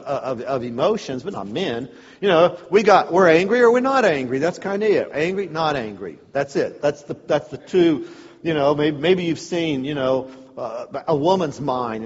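With a fairly high, breathy-edged voice, a man speaking at a men's church event tells funny, animated stories peppered with sarcasm. The audio sounds dull and carries a long hall reverb.

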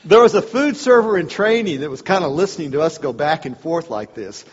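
At a men's church event, a man with a fairly high voice speaks fairly quickly, delivering a humorous talk full of animated stories and sarcastic asides. The sound is dull, with a long hall reverb.

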